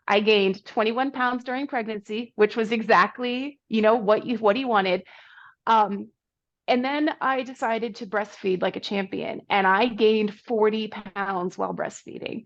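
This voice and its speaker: Lively woman telling her story, lo-fi audio. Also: medium pitch, moderate pace. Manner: animated, self-deprecating, acts out quoted people. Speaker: podcast guest, runner. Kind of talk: candid conversational storytelling.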